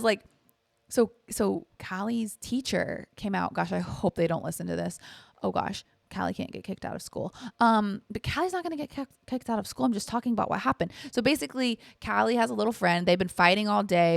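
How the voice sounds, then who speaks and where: A woman's voice: mid-range voice, gravelly, clean tone, no room sound, clean studio sound. A young adult woman hosting a podcast, chatting casually and candidly in a rambling way with lots of fillers and swearing. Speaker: podcast host. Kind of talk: casual chat, storytime.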